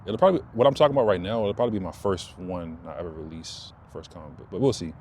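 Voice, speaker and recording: A man talks loosely and a little low, circling back and repeating himself as ideas come. He speaks outdoors, with a faint wash of noise behind him. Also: fast. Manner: rambling, loose, repeats himself, animated when excited. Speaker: vlogger. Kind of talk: casual talk to camera.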